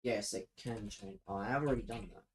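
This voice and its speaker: A man's voice: on the low side, a little fast, slight background noise, poor audio. A young man streaming live, venting to his chat in a profane, sarcastic, exasperated way.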